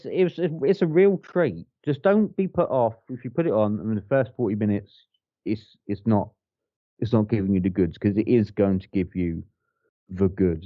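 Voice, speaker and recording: A man's voice: fairly low pitch, dry recording, narrow, tinny audio. A man co-hosting a podcast, chatting casually and enthusiastically about films, swearing and rambling with restarts. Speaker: podcast co-host. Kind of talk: casual film review chat.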